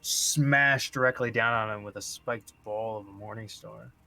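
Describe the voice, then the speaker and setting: Very bright, fairly low-voiced man player. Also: steady tone, moderate pace, creaky, faint music behind. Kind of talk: tabletop game chat.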